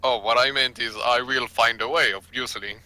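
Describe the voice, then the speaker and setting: A young man with a very bright, sharp-edged voice plays a tabletop character. He talks with easy, joking flippancy at a mid pitch. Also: fairly even intonation, moderate pace. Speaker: player. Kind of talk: casual in-character game chat.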